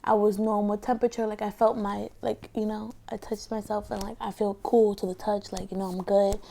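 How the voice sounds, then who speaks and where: Chatty young woman with a gravelly voice. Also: mid-range voice, level tone, fairly quick, dark tone. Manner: rambling storyteller, heavy filler 'like'. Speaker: ASMR mukbang creator. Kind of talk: casual chat while eating, partly whispered.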